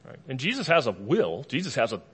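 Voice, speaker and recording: A male preacher speaking to a congregation in a mid-pitched voice. His delivery is relaxed and conversational, and he mixes casual asides and light humor into his teaching. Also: fast talker, breathy edge. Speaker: pastor. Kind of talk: sermon. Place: before a live congregation.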